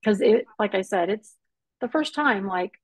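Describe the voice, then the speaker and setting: A woman's voice: mid-range voice, moderate pace, no room sound, poor audio. Earnest woman sharing a personal story. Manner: earnest and animated, acting out quoted voices. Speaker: podcast guest. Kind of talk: personal testimony in conversation.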